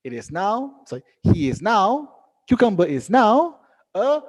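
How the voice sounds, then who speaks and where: A young man teaching a live online English lesson, reading out students' sentences and correcting them gently. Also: high-pitched, sing-song, unhurried, big-room sound.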